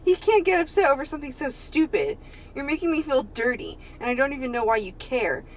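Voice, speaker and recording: A woman with a fairly high voice that swoops up and down, chatting and reading aloud on a casual comedy podcast. She giggles a lot and slips into put-on voices for the characters. Faint noise sits under the recording. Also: lively intonation, fairly quick, rough recording. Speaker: podcast co-host.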